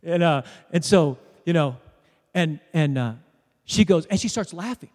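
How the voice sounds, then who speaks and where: High-voiced preacher in an echoing hall. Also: male voice, unhurried. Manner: storytelling, animated, joking with congregation. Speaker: pastor. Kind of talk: sermon. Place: church sanctuary. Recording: preached in a hall with long reverb.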